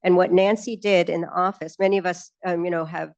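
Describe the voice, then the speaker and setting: Gravelly-voiced woman recalling her mentor. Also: lowish voice, fairly even intonation, fairly quick, a little mellow, lo-fi sound. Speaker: panelist at a memorial lecture. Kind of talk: personal reminiscence.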